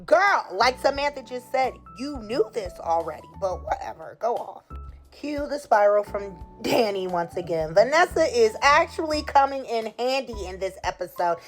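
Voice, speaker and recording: A woman's voice: fairly high pitch, animated, moderate pace, soft background music. A woman casually recapping a soap opera episode in a sassy, opinionated way and acting out the characters' lines. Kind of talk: casual chat.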